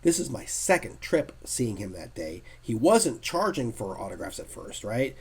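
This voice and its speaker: A man telling stories in a casual podcast chat, lively and acting out the people he quotes. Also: medium pitch, normal speed, husky. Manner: lively storyteller, acts out quotes. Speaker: guest artist telling convention stories.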